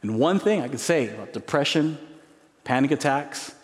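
A man preaching a sermon with emphasis, his voice climbing high on key words between musing pauses. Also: lively intonation. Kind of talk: expository sermon. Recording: long reverb of a large hall.

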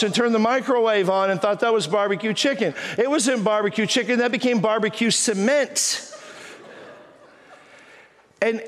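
A middle-aged man from Texas, preaching a humorous sermon and telling stories with teasing energy. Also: very high-pitched. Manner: animated, teasing storyteller acting out quoted voices. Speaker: pastor. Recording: reverberant hall.

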